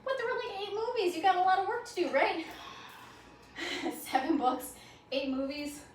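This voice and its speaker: A woman's voice: very high voice, expressive, normal speed. A woman yoga instructor calling out poses in a guided class, upbeat, playful and encouraging, slightly out of breath. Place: library program room. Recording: echoey room, mic at a distance, faint noise.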